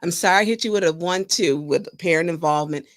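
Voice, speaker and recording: A woman hosting a talk show, chatting casually with a guest and telling stories in an animated way. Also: fairly low pitch, fast, dry recording, clean studio sound. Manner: storytelling, animated, laughs while talking. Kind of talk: casual interview chat.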